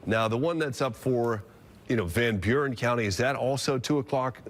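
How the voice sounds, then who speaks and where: A man's voice: mid-range voice, normal speed. A man, a TV meteorologist, giving live severe weather coverage and explaining radar as he goes, with fillers and restarts.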